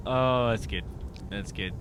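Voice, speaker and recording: A man co-hosting a gaming video, giving giggly, excitable casual commentary. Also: lowish voice, unhurried, a little hiss or hum.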